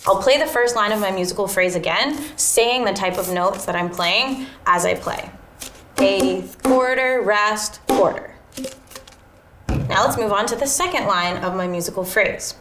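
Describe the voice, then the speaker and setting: A woman's voice: medium pitch, moderate pace, hardly any pauses, noisy background. Woman explaining a lesson in an echoey room. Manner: clear, methodical explaining. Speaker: teacher. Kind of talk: instructional lesson narration.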